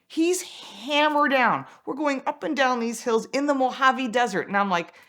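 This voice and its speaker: Woman car journalist with a racing background spinning a yarn, pitch jumping all over, animated delivery. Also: normal speed. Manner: animated, acts out quoted dialogue. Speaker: automotive journalist and racer. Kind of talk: casual storytelling anecdote.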